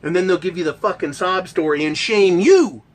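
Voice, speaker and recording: A man's voice: high voice, normal speed. A man hosting a ranting monologue, talking in a heated, emphatic and profane way. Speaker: host.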